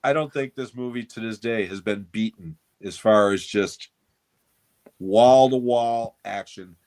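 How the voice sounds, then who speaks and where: A man's voice: fairly low pitch, a little slow, darkish tone. A man co-hosting a movie podcast, telling stories with enthusiasm and casual swearing. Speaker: podcast co-host. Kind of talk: casual chat.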